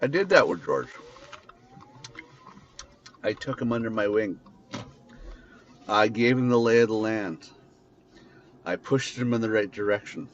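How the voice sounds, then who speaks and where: A low-voiced man rants bitterly and swears freely in an unscripted monologue. He records from inside his car. The sound is dull and lo-fi, with a faint hiss underneath. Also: lively intonation, unhurried, long pauses. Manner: bitter, venting ranting with profanity. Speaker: podcast host. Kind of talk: unscripted monologue while driving.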